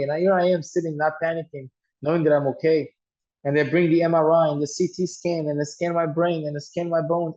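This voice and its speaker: A man's voice: on the high side, a little mellow, highs cut off. A man telling a personal story earnestly, often restarting and repeating words. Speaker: guest telling his story.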